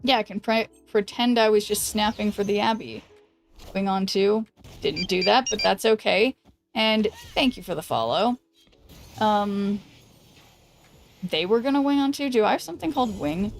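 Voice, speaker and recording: A woman streamer chatting casually while she plays a card game, thinking aloud and greeting viewers, with a voice that is going hoarse. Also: mid-range voice, normal speed, faint music behind. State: losing her voice. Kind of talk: casual gameplay commentary.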